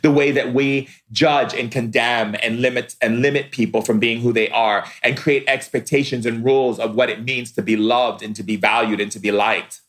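A man giving a spiritual talk, preaching slowly and emphatically, drawing out his words and acting out the voices of people he quotes. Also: medium pitch, steady tone, fairly bright tone. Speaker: spiritual teacher.

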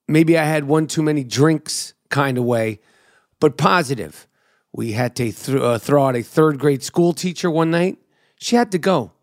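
A man's voice: on the high side, no echo, clean studio sound. A middle-aged man with a New York accent, hosting his own podcast in a brash, profane, riffing monologue. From New York City. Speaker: podcast host and comedian.

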